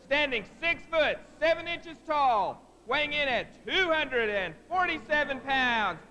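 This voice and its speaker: A man announcing wrestlers in the ring with drawn-out, booming introductions. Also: bright, forceful tone, big-room sound, a little hiss or hum.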